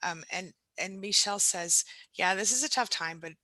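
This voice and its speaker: Bright-voiced woman hosting a live Q&A. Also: mid-range voice, moderate pace, no echo, rough recording. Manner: emotional, laughing, fillers. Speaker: host. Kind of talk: live Q&A chat.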